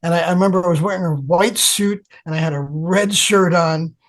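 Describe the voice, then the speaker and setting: Older man telling animated stories. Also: high voice, a little fast. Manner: animated storyteller, acts out quoted voices. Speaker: guest guitarist. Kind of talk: storytelling interview.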